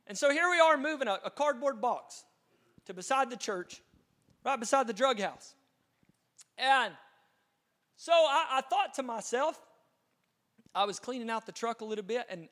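Pastor guy preaching a story, high voice, keeps restarting his sentences. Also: fairly bright tone. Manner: earnest, dramatic testimony with repeated restarts. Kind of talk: storytelling sermon.

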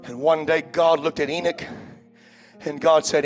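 A man pastor preaching a sermon in a church, with a rhythmic cadence that swells into shouts and frequent "uh" breaths. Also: on the high side, level tone, a little slow, soft background music. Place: church sanctuary before a congregation.

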